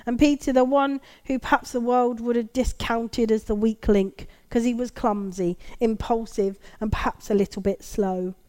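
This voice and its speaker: Woman preacher, reflective sermon delivery, gentle emphasis, slightly high voice. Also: fairly even intonation, normal speed, few pauses. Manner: reflective, gently emphatic, reads scripture aloud.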